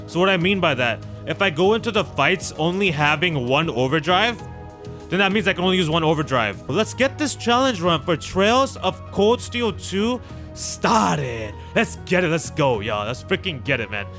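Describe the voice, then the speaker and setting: A man hosting a gameplay video, chatting casually and excitedly with viewers in slangy talk while he plays, with faint game music behind him. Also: fairly high pitch, normal speed. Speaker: gaming channel host. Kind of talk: casual let's-play commentary.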